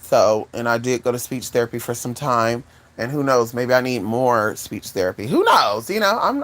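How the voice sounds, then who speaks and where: Animated chatty woman vlogger. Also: moderate pace. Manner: animated, swoops high for quoted voices, chatty asides to viewers. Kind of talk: casual storytelling to viewers.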